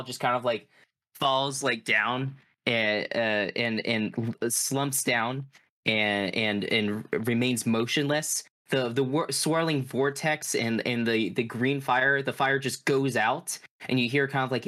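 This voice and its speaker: A man's voice: mid-range voice, bright, forceful tone. Man casually narrating a horror game. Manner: casual, halting, many restarts. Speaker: game master.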